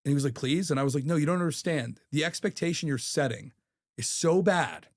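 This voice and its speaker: A man's voice: a little high, fast. A man in his thirties, a podcast guest telling stories in a candid, profane way. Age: 30s. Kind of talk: casual chat.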